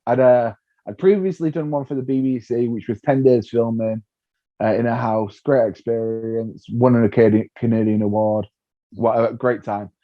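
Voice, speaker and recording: A man, a comedian being interviewed, telling stories in a lively way, acting out what people said and laughing often. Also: medium pitch, normal speed. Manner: animated storyteller, acts out voices, laughs often. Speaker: comedian guest. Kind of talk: casual interview chat. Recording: dull lo-fi sound.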